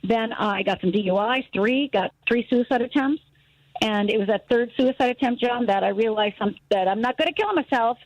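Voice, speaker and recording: Animated woman telling her story on radio. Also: a little high, brisk, no room sound, low-quality recording. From Upper Michigan, US. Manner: animated storyteller, acts out voices, laughs easily. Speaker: guest, fear expert. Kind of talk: radio interview, personal story.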